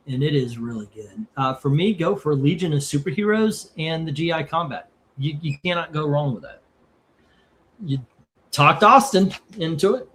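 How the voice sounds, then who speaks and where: A man hosting a live comic book auction stream, chatting casually and pitching deals with excitement. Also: slight background noise.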